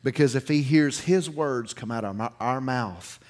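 A man preaching a sermon, telling a story in a folksy, animated way that swings from loud to hushed. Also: medium pitch, moderate pace.

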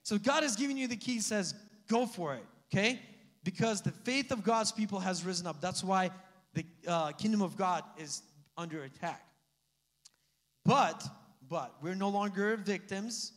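Male pastor, high-pitched, chatty animated preaching, hall reverb. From Slavic family background. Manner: animated, conversational preaching with asides and laughs. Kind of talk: sermon.

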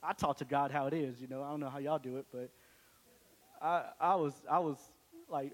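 A man's voice: mid-range voice, fairly even intonation, moderate pace. A young man giving a casual, joking testimony to a church congregation, with lots of restarts. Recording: long hall reverb.

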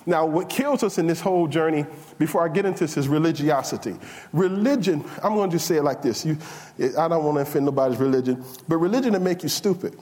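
Preaching man, rising in pitch as he heats up. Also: quick pace. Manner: conversational preaching, rising loud and high when fired up. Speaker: pastor. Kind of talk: sermon. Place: church sanctuary. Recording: long hall reverb.

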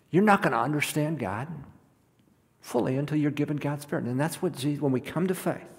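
A man's voice: a little high, brisk. A man preaching a sermon in a conversational way, often repeating words as he goes. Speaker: pastor. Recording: long hall reverb.

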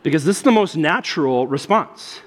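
Chatty pastor with a raised voice. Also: male voice, fairly high pitch, moderate pace. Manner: conversational and joking, with frequent "okay?" and "right?" asides; animated, acting out voices when he quotes people. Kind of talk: sermon. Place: church service on a stage.

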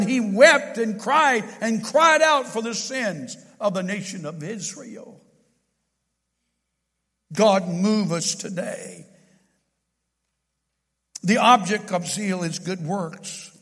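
A man preaching a sermon in a church, impassioned, swinging from loud to hushed. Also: sits high, long reverb tail.

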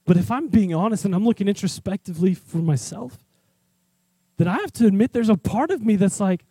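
Brief: conversational male preacher, high voice, acts out the scenes, dry sound. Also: expressive, brisk, dark tone, breathy edge, no room sound. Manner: candid and personal. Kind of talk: sermon.

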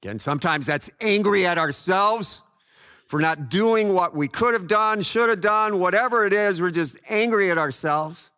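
A man preaching a sermon in a slow, earnest way, swinging between loud passages and hushed ones. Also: sits high. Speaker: pastor.

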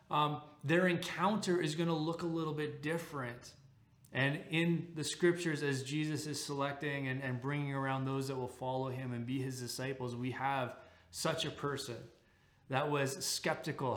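A man preaching a sermon as pastor, in a conversational, animated way with frequent restarts. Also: on the high side, echoey room.

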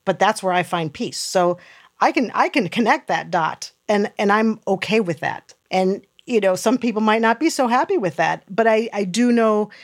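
A woman in a relaxed interview, talking at a steady middle pitch. She is loud and lively by nature and often breaks into laughter as she tells her stories. Her voice carries even when she means it to be gentle. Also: moderate pace. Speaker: podcast guest; former military nurse. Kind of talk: casual conversation.

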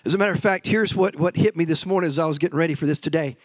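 A male pastor preaching a sermon with emphatic, energetic delivery and playful asides to the congregation. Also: on the high side, racing, no room sound.

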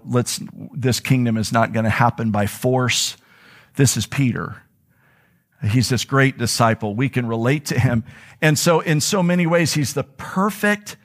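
A male pastor preaching a sermon to his congregation in a church, conversational, slowing down to stress key words. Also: mid-range voice. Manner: conversational preaching, slows for emphasis. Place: church sanctuary.

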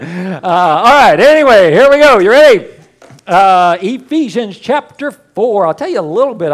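Man preaching, rambling and jokey, fairly high voice. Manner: folksy, rambling, jokey storytelling. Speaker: pastor. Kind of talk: casual sermon with prayer.

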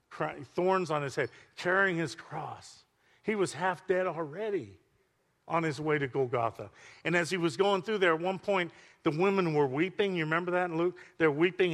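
A man's voice: fairly high pitch, fairly bright tone. An older man preaching a sermon as pastor, telling stories with emphatic, chatty asides to his congregation. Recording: long reverb of a large hall.

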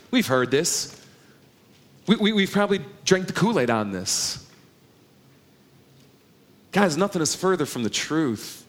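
A middle-aged man preaching a sermon to a congregation, earnest and conversational, often asking the listeners questions. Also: mid-range voice. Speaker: pastor.

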